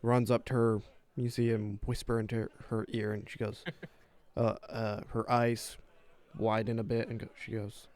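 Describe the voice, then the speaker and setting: Slow, hesitant game master man. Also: lowish voice, little pitch movement, darkish tone. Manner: hesitant, many fillers. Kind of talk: narrating a tabletop game.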